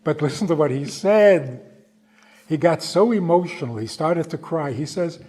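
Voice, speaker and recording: A man, a rabbi, giving a storytelling talk, speaking slowly and emphatically and acting out the quoted voices. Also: fairly high pitch, expressive, a little mellow, breathy edge. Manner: slow, emphatic, acts out quotes. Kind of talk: storytelling lecture.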